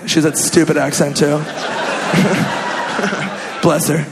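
A male stand-up comedian from Minnesota, telling a story in an animated, exaggerated way with sudden shouts. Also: a little high, unhurried, vocal fry. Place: comedy club stage. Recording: echoey club, audience laughter and noise.

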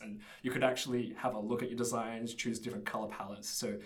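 A man's voice: mid-range voice, level tone, fast talker, few pauses. A young man telling a story in casual chat, easygoing and laughing often. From Australia. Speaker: presenter.

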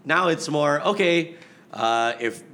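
A man in casual chat about movies, talking in a rambling, self-correcting, animated way. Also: fairly high pitch, slow, vocal fry.

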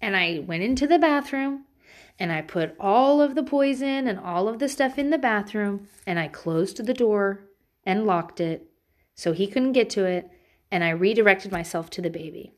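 A woman in her thirties at a mid-range pitch, talking frankly about raising kids. She tells loose, casual stories and swears without a second thought. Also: expressive, normal speed. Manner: candid and frank, swears freely. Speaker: parent giving parenting advice. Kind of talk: casual personal storytelling.

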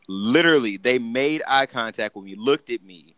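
A man co-hosting a casual podcast, telling stories in an animated way and often breaking into laughter. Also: mid-range voice, brisk, few pauses, smooth, no echo. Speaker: podcast co-host.

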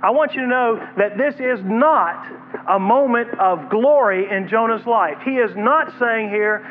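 With a very high voice and a measured pace, a male pastor retells a Bible story from the pulpit, voicing God and Jonah as characters. Faint hiss runs under the tinny, phone-like broadcast audio.

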